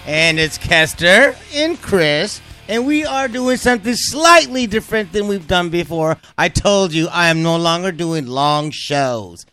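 Brash high-voiced man hosting a cooking show. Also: expressive, unhurried, hardly any pauses, bright, forceful tone, soft background music. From Southern California. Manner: rambling, brash, lots of fillers. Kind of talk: fast casual cooking talk.

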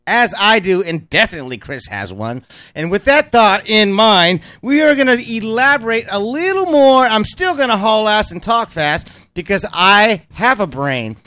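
A man's voice: sits high, fairly bright tone, clear, resonant tone, dry recording. A middle-aged man from Southern California hosting a speed cooking show, rambling and brash with lots of fillers. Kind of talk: fast casual cooking talk.

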